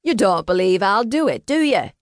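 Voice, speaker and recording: A woman narrator voicing a gruff, threatening male trickster who holds a pistol, in an audiobook. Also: medium pitch, lively intonation, normal speed, no echo, studio quality, voice pushed up, natural voice. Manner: gruff, demanding. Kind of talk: audiobook character voice.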